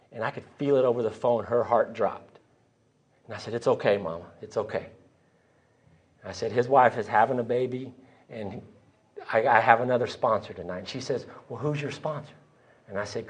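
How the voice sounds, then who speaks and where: A man telling his recovery story to a crowd in a church hall, acting out the voices of the people he quotes. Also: mid-range voice. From Texas. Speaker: AA speaker sharing his story. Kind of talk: storytelling talk at a conference.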